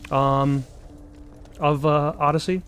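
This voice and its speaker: A man's voice: a little high, fairly even intonation, takes it slowly, fairly bright tone, clean tone. A young man, out of breath, rambling through casual gameplay commentary with many ums and uhs. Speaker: let's play host.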